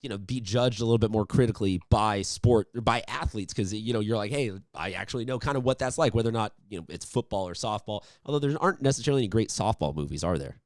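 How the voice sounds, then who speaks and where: A man's voice: on the low side, expressive, fast talker, few pauses, darkish tone, dry recording, clean studio sound. A man hosting a sports interview, upbeat and chatty, rambling with restarts. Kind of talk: casual interview.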